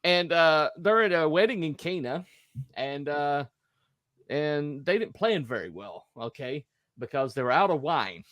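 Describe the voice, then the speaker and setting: A man hosts a relaxed podcast chat and retells a story with plenty of energy. He often jumps into higher voices to act out what people said, and he laughs easily. The sound is dry and close. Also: a little slow, no room sound. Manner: animated, acts out quotes in raised voices, laughs often. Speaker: host.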